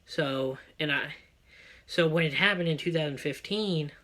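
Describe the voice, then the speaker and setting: Male vlogger, excitable profane ranter, bright and fairly high voice. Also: measured pace. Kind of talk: personal rant monologue.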